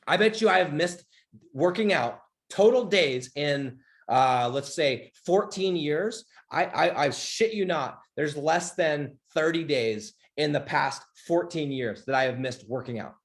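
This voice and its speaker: A man's voice: on the high side, animated, a little slow. A man coaching on a livestream in a blunt, emphatic way, swearing often and checking in with "okay?". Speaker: business coach. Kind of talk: motivational livestream talk. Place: home office.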